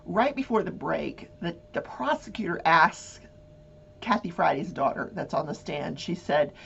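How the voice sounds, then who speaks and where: A woman hosting a talk show, giving casual true-crime commentary in an animated way and acting out voices. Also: lowish voice, unhurried, creaky, muffled recording, slight background noise. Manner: animated, acts out voices and swears.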